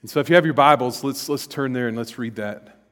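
Middle-aged pastor preaching in a reverberant hall. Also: male voice, medium pitch, brisk. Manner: conversational, with fillers and restarts, rising to loud emphasis. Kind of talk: sermon. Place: church sanctuary. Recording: long reverb of a large hall.

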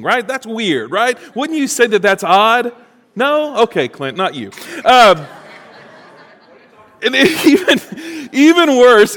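A man's voice: a little high, fairly bright tone. A man preaching a sermon as pastor, reading scripture and then talking with playful asides to the congregation. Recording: long hall reverb.

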